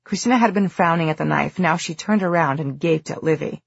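An audiobook narrator reading a novel in steady, even storytelling. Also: medium pitch, brisk, vocal fry, husky, no room sound, dull audio. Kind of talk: scripted narration.

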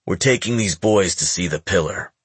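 A man's voice: low-pitched, moderate pace, breathy edge, no room sound. Man playing a curt, impatient gang enforcer. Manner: curt and demanding. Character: impatient, commanding young male clan enforcer.

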